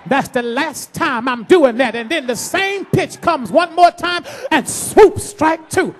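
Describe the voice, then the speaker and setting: High-voiced preacher telling a story. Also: male voice, slow. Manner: animated preaching with bursts of shouting; calls on the congregation. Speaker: pastor. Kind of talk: storytelling sermon.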